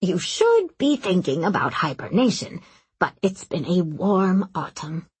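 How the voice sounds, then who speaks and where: A woman voicing a tall, gentle old male master mage who is fond of animals, with a light, breathy voice and a soft, doting murmur. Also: fairly low pitch, sing-song, a little slow, no echo, exaggerated voice. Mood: tender.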